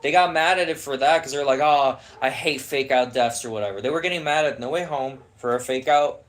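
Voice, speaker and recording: A man's voice: on the high side, quick pace, a bit bright. A young man ranting in casual podcast chat, heated, sarcastic and profane.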